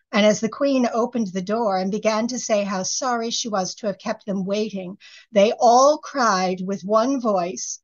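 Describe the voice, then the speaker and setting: Woman reading a fairy tale aloud. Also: a little high. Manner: measured, expressive storytelling. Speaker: reader. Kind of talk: storybook reading. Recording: slightly muffled recording.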